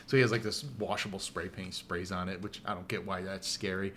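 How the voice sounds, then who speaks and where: A man's voice: deep voice, level tone, fairly quick, few pauses, fairly bright tone. Brief: a laughing male host in casual chat, acting out quotes with a faint hiss behind him. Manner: laughs often, acts out quotes in exaggerated voices.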